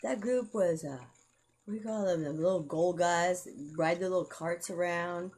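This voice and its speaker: A woman's voice: on the low side, moderate pace, a little mellow, slightly rough. Blunt, profane woman telling a rambling story. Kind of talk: rambling personal storytelling to camera.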